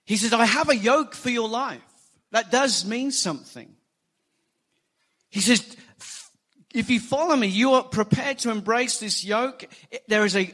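A man preaching a sermon, animated and emphatic, acting out quoted lines. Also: high voice. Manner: animated preaching, rising emphasis, quotes scripture in acted voices. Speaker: pastor.

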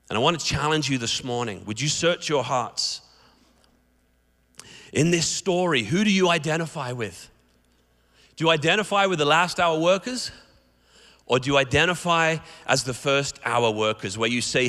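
A man preaching a sermon, his voice high and bright as he tells stories and acts out the characters. He speaks in a church sanctuary with a long, echoing reverb. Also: moderate pace, long pauses. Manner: animated storytelling, acts out the characters. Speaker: guest preacher. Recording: echoey hall reverb.

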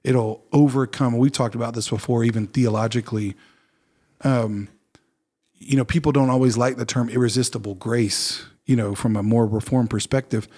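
A man's voice: medium pitch, fairly even intonation, moderate pace, darkish tone. A man, a pastor, talking in a casual faith podcast with an earnest, reflective manner and frequent fillers and restarts.

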